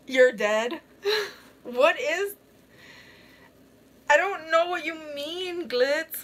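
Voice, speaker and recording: A woman's voice: sits high, expressive, drawn-out words, pauses often. A young woman vlogging casually in a face mask, giggling often as she reacts to a movie and to comments from her chat. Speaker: beauty vlogger.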